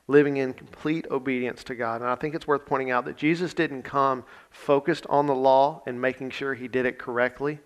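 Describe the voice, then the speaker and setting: Conversational preaching man. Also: medium pitch. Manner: conversational preaching, rising to emphatic scripture reading. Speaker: pastor. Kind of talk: sermon.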